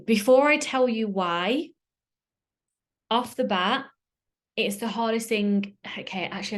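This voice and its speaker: A woman with a British accent hosting a solo podcast, talking earnestly and emotionally, often searching for words. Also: medium pitch. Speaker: podcast host. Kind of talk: candid solo podcast talk.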